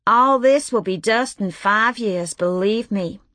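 A woman's voice: medium pitch, measured pace, a bit bright, no room sound, close to an everyday voice. A woman reading aloud, voicing a brash, crude veteran newspaper worker who teases and drags out her words. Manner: brash, teasing, drawn out. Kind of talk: audiobook reading.

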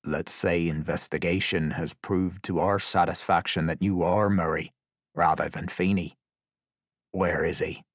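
A man voicing a cold, composed male interrogator who asks quiet, measured questions. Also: low voice, steady tone, no room sound, studio quality. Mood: cold calm.

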